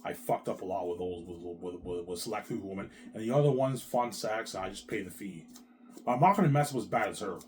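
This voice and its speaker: A man in a rambling monologue, repeating himself, swearing and jumping between quiet mumbles and loud outbursts. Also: on the low side, fairly quick, slight background noise. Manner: repetitive, restarts, keeps saying "man"; profane, agitated swings in loudness.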